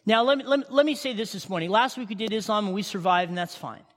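A man preaching a sermon in a high, light voice that carries through a church hall, with a long reverberant tail on every phrase. He talks emphatically and conversationally, and keeps checking in with the congregation. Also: quick pace, fairly bright tone. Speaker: pastor.

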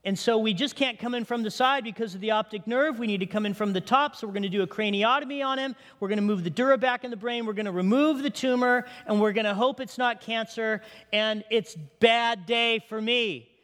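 Middle-aged male pastor, raised pitch, emotional testimony that turns hushed, reverberant hall. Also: fast talker, few pauses. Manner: emotional storytelling, drops to hushed tones. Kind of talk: sermon testimony.

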